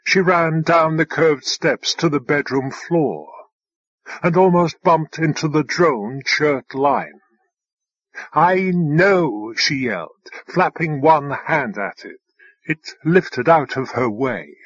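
Slow, husky male narrator. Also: on the high side, dry recording, highs cut off. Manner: measured, unhurried reading. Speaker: audiobook narrator. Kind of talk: scripted narration.

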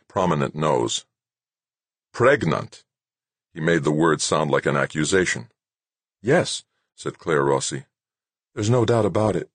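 A man narrating an audiobook in a measured, steady way. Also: a bass voice, no room sound.

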